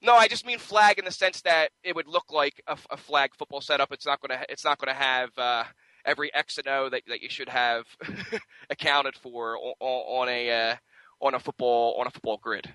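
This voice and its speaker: A man's voice: medium pitch, moderate pace, bright, forceful tone, no room sound, rough recording. A man co-hosting a sports talk radio show, chatting casually and rambling with frequent restarts into a studio microphone. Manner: rambling, many restarts and fillers.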